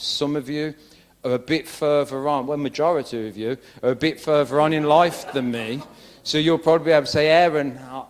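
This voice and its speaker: A man's voice: mid-range voice, darkish tone. A young man preaching a sermon in a church, earnest and direct, with humorous asides.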